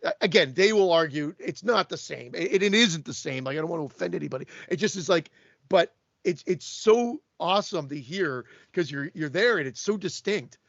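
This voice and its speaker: A man's voice: on the high side, lively intonation, moderate pace, creaky, a bit bright, no room sound, dull audio. A Canadian man co-hosting a podcast in casual chat, rambling with many restarts and stammers. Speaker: podcast co-host.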